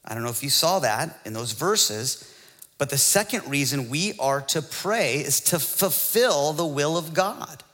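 A man preaching a sermon at a slow, deliberate pace, his bright voice pitched a little high. He swings from quiet teaching up into excited rhetorical questions. The sound carries the long reverb of a large hall. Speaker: pastor.

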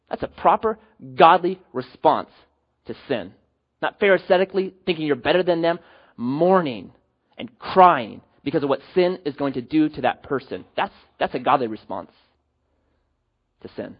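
A husky-voiced man delivers a sermon as a pastor, his voice sitting fairly high and swinging widely from loud emphatic peaks to quiet, low endings. The sound is dull and lo-fi. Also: animated, moderate pace.

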